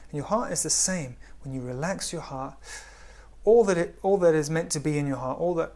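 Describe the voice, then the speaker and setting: Gentle, hushed man teaching. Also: on the high side. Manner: gentle, unhurried, often drops to a hush. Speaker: spiritual teacher. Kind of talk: spiritual talk.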